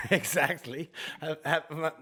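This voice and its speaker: A man co-hosting a podcast in casual chat, telling animated, joking stories while recovering from chemotherapy. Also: fairly high pitch, takes it slowly, slightly rough. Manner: animated storytelling, jokey. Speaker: podcast co-host.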